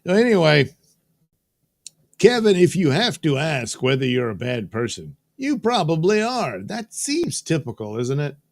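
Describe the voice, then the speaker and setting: A man's voice: on the high side, sing-song, a little slow, no room sound, studio quality. A man hosting a live show in a casual, joking way, reading viewer comments aloud and tossing in silly voices. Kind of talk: casual live-stream chat. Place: studio.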